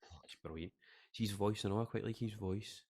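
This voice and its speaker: Deep-voiced Scottish man chatting loosely. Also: brisk, a little mellow. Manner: rambling, jokey, trailing off. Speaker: podcast co-host. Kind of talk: casual chat.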